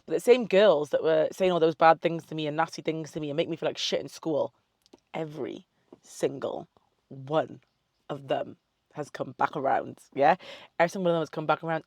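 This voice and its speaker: A woman's voice: low voice, a little fast, darkish tone, no echo, studio quality. A young woman in a casual Q&A chat to camera, a fitness coach who swears freely, drifts off on tangents and gives upbeat self-love pep talk. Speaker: fitness model and online coach.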